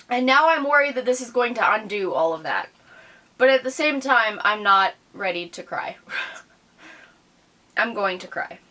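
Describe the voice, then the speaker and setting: A woman's voice: a little high, lively intonation, measured pace, long pauses, bright, forceful tone, no echo. A woman talking to camera in a casual reaction vlog, candid and rambling, swearing freely. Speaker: YouTube reactor.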